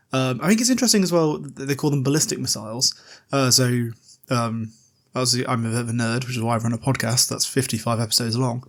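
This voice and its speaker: Fast, rambling man recapping a book. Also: mid-range voice. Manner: rambling, chatty, self-deprecating with filler words. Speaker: podcast host. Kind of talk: casual book recap podcast.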